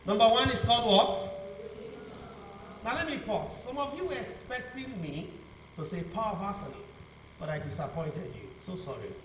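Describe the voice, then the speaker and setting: A man's voice: high voice, expressive, normal speed, pauses often, background noise. A male law teacher giving a revision lecture, asking the class to finish his sentences with "what?". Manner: call-and-response questioning, repeats "what?" for the class to fill in. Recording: echoey room, mic far off, faint ambience.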